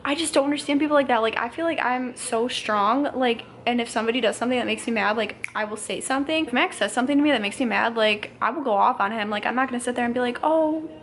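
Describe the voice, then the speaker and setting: A woman in her twenties and a young mother, ranting casually to camera in a fast, rambling way full of "like". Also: a little high, a bit bright. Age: 20s.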